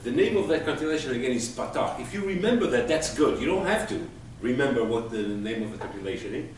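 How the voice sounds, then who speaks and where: A man's voice: medium pitch, animated, fast talker. A man teaching a class, patiently explaining with everyday examples. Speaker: Hebrew teacher. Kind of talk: classroom lesson. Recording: echoey room from far off, faint noise.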